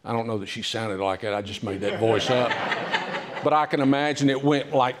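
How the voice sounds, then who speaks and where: A man giving an author talk in a library, telling history stories in a chatty, humorous way with many pauses and "uh"s. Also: mid-range voice, flat delivery, a crowd in the background. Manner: chatty, humorous, with frequent "uh" fillers. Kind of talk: casual storytelling talk. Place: public library meeting room.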